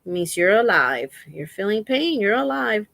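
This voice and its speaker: A woman's voice: medium pitch, very animated, moderate pace, gravelly, fairly bright tone, no room sound. A woman hosting a casual crochet livestream, chatting in a rambling, faith-filled way with her viewers while resting a sore foot.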